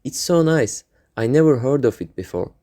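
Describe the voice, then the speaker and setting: A man's voice: mid-range voice, animated, normal speed, warm tone, voice pushed up, close to an everyday voice. A man reading the part of a shy young schoolgirl, with hesitant hums between phrases. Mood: eager.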